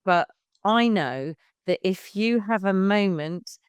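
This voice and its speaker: A woman's voice: mid-range voice, animated, slow, smooth, no room sound. A woman in her fifties, a baby music class leader, chatting frankly as a podcast guest and swearing casually. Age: 50s.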